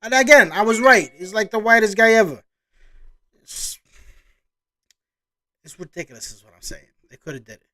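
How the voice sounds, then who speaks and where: High-voiced man rambling through a reaction video. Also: animated, normal speed, pauses often, pushed and bright. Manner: rambling, chatty, exclaiming reactions. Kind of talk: casual reaction commentary.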